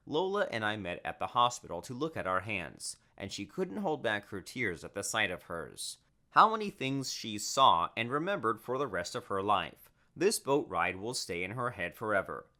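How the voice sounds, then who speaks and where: A man giving scripted first-person narration for an animated story, in a lively, animated way. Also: on the low side.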